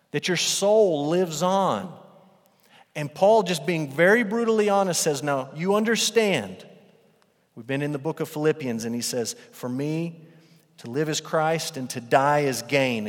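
Man, pastor preaching, emphatic, repeats lines for weight, church hall with long echo. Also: a little high. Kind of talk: sermon. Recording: long reverb of a large hall.

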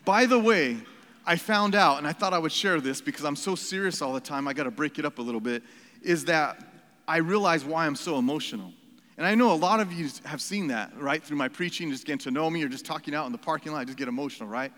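A man's voice: fairly high pitch, animated, fast talker, fairly bright tone. A man preaching a sermon as pastor, earnest and emphatic, repeating phrases and stopping for asides. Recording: reverberant hall.

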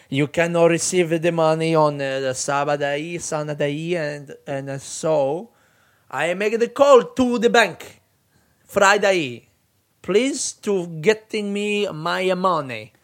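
A young Australian man telling a rambling, sweary comic story about waiting for money. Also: a little high.

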